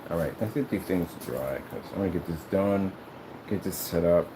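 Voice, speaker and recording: A man's voice: sits low, normal speed, noisy background. A man who makes screens and rants while he works, talking in a boastful, rambling, mocking way. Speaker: screen maker. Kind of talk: ranting vlog while working.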